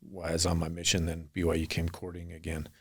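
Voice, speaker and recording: A man's voice: low voice, monotone, fast, fairly bright tone, husky. A middle-aged man, a podcast guest, telling long earnest stories in a rambling way. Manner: earnest, rambling anecdotes with acted quotes. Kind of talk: storytelling in a podcast interview.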